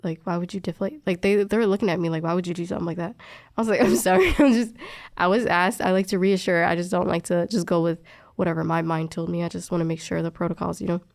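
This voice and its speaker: A woman's voice: fairly low pitch, quick pace, gravelly, no room sound, clean studio sound. A young woman in a casual chat, telling a workplace story and acting out the dialogue, with lots of fillers. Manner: animated, acts out quoted dialogue, many fillers. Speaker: respiratory therapist telling a story.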